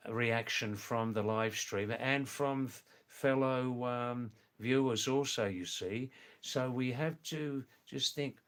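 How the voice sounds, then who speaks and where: Reading viewer messages aloud on his live stream, a retired older man with English and Australian roots talks slowly in a mid-range voice. He's gentle and repetitive, peppering his speech with "yes" and "you know."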